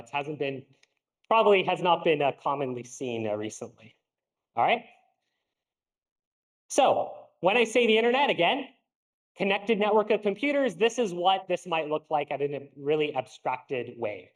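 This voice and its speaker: Young male lecturer, high voice, casual and halting, classroom lecture. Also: rough recording. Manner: casual, lots of fillers and restarts. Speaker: university lecturer. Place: lecture hall.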